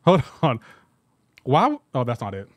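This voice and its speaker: A man livestreaming gameplay and chatting with his viewers, animated and incredulous and laughing often. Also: medium pitch, a little slow, no room sound. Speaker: gaming livestreamer. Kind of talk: live gameplay commentary with chat.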